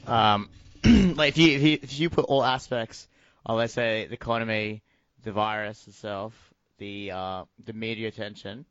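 A man's voice: on the low side, normal speed, clean tone, no room sound. Dry, muffled man asking questions. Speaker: podcast co-host. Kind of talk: casual interview chat.

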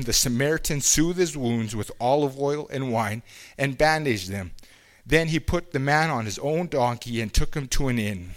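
Earnest halting Canadian preacher man. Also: medium pitch. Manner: earnest, halting, with frequent restarts. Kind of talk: personal testimony sermon.

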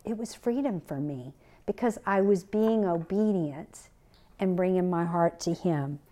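A woman's voice: on the low side, a little slow, dark tone. A middle-aged woman hosting a faith podcast, earnestly telling a personal story and quoting scripture. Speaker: podcast host. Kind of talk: faith-based podcast talk.

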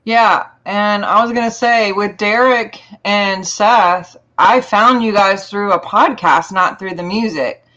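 Effusive woman host, bright lo-fi sound. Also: mid-range voice, takes it slowly, hardly any pauses. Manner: effusive, emotional, rambling. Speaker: show host. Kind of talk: casual panel chat.

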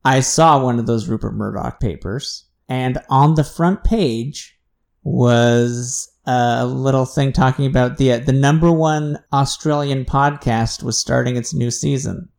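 Halting, laughing man in casual chat. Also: mid-range voice, fairly even intonation, creaky, a little mellow. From United States. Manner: halting, searching for words, laughs often. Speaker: podcast co-host.

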